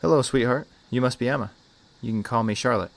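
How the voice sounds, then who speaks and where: A man voicing a gentle, reassuring female social worker in a horror story reading. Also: deep voice, brisk. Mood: soothing. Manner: gentle, soothing.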